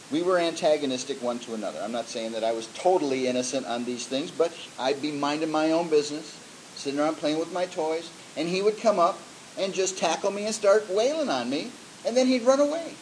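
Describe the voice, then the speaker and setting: High-voiced man preaching. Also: moderate pace, slight background noise, low-quality recording. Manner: conversational preaching with many fillers and restarts. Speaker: pastor. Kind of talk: sermon.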